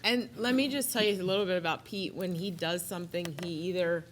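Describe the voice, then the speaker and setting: A woman's voice: on the low side, fairly even intonation, a little fast, noisy background. A woman sharing a personal faith testimony, telling her story playfully and acting out the quotes. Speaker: speaker giving a testimony.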